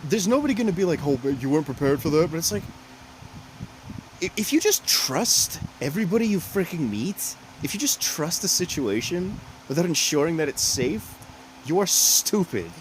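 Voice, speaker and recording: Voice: medium pitch, very animated, moderate pace, a little hiss or hum, rough recording. A podcast co-host in casual chat who rambles, restarts often, and drops sarcastic asides.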